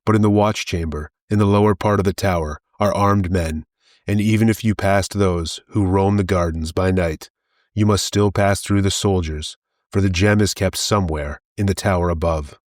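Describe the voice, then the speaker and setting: A man's voice: sits low, fairly even intonation, moderate pace, a little mellow, dry recording, studio quality, lightly acted. A man doing a fat bragging rogue. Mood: lecturing. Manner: blustering, mocking. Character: fat boastful middle-aged male rogue, jeering.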